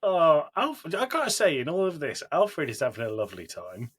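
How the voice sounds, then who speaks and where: English male podcast co-host, husky and animated, quick with wisecracks. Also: a little high. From England. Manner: joking, reacts with wisecracks. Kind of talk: casual banter.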